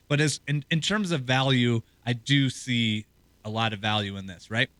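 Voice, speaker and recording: A man co-hosting a sports talk show as a hockey reporter, talking in a loose, rambling way with a hoarse, scratchy throat. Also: mid-range voice, brisk, a bit bright, no room sound. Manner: loose, rambling conversational delivery.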